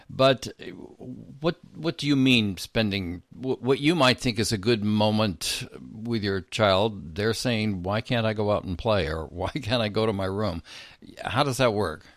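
A man hosting an interview, asking measured, thoughtful questions about parenting. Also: fairly low pitch, no room sound. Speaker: interview host.

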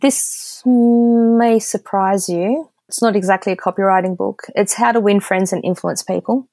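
An Australian woman, a copywriter guest on a podcast, talking in a candid, direct way and telling lively stories. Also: medium pitch, moderate pace, no room sound. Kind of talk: casual podcast interview.

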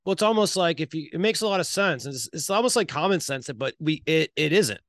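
A man's voice: fairly high pitch, lively intonation, a little fast, fairly bright tone, no echo, clean studio sound. A man hosting a conversational interview, agreeing with his guest and thinking aloud as he sums up the points. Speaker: podcast host.

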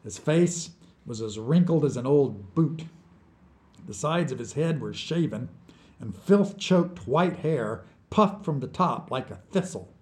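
A man reading his own short story aloud as scripted narration, with slow, deliberate storytelling. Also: medium pitch, a little mellow.

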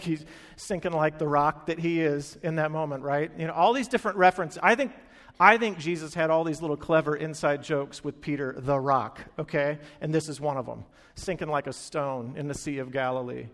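Male preacher, slightly high voice, lively storyteller who acts out quotes, long hall reverb. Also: a little fast. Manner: animated storytelling, acting out quoted lines. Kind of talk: sermon.

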